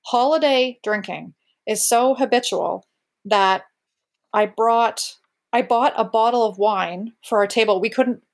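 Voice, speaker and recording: A woman's voice: on the high side, measured pace. A woman in her thirties telling a personal story in casual conversation, candid and rambling, often breaking off mid-sentence. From Canada. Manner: candid, rambling, self-interrupting. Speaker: guest.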